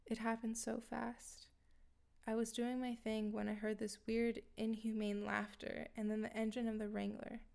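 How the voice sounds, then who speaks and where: A woman's voice: fairly high pitch, flat delivery, normal speed, vocal fry, darkish tone. A woman telling a first-person horror story in a matter-of-fact way, with dry asides to her listeners.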